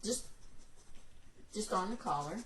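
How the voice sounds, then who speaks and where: A woman dog trainer explaining steps in a calm, patient way, recorded indoors at home. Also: mid-range voice, a little hiss or hum, poor audio. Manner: calm, patient, slow-spoken, praises the dog softly. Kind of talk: instructional video narration.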